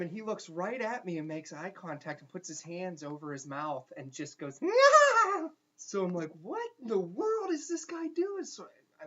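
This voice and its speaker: A young man, a teacher, telling a funny story casually with animated asides and quick restarts. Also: on the high side. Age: young adult. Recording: dull lo-fi recording.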